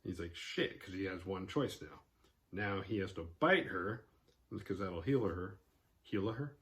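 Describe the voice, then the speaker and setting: A man's voice: low voice, a little slow, a bit bright. A man casually recapping a horror film for his video channel, swearing freely and acting out the characters' lines in jokey voices. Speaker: horror movie review vlogger. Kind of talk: casual profane movie recap.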